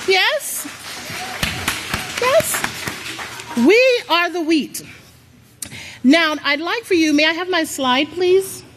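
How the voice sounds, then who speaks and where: High, lively woman preaching. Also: slight background noise. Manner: lively call-and-response, coaxing the crowd. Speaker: church speaker. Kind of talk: motivational sermon. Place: large worship hall.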